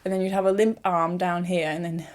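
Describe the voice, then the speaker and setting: A young woman, talking through a casual vlog in a chatty, animated way with self-mocking asides. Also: on the low side, brisk. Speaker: YouTuber.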